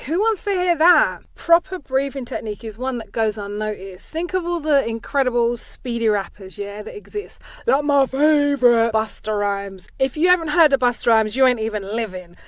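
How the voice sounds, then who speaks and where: A woman's voice: on the high side, no room sound, clean studio sound. Chatty Cockney woman coaching speech. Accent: East London Cockney. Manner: chatty, fast, tag questions like "yeah?" and "right?". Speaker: voice and speaking coach. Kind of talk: podcast speaking tips.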